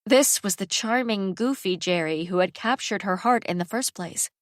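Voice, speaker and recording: Reading scripted audiobook narration, a woman uses a mid-range voice and a measured, even storytelling delivery. The recording is dry and studio-clean.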